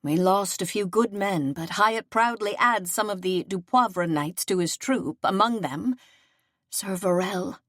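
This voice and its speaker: A woman's voice: medium pitch, a little slow, a bit bright, dry recording, clean studio sound. A woman voicing a young noble lady, pregnant and grieving, who speaks earnestly and with feeling in an audiobook. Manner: earnest and emotional.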